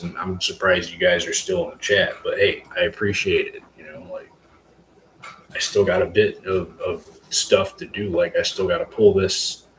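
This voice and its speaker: A man hosting a casual live stream about growing mushrooms, rambling loosely with lots of fillers and the odd curse word. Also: low voice. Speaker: livestream host, hobby mushroom grower. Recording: echoey room with faint ambient hum.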